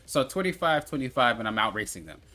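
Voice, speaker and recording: Bright-voiced young man coaching gameplay. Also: mid-range voice, very animated, fast. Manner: casual, repetitive, coaching viewers step by step. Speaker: gaming channel host. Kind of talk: gameplay tutorial commentary.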